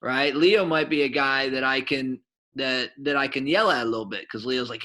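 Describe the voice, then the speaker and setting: A middle-aged man, a soccer coach and former goalkeeper, telling stories to kids in a rambling, animated way with lots of fillers. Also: mid-range voice, normal speed. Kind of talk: casual storytelling to kids.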